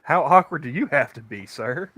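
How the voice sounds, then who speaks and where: A man's voice: a little high, animated, moderate pace, a bit bright. A man co-hosting a casual podcast chat, rambling through stories with many restarts. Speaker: podcast co-host; convenience store worker.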